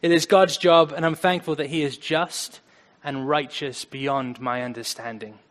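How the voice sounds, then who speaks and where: A man preaching a conversational sermon, earnest, swinging between loud emphasis and quiet asides. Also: on the high side, steady tone, unhurried. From United States. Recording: long hall reverb.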